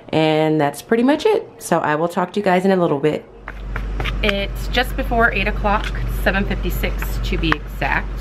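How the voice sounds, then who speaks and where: Chatty teacher woman vlogging, lowish voice. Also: slight background noise. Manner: chatty, candid, lots of fillers. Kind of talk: casual vlog chat.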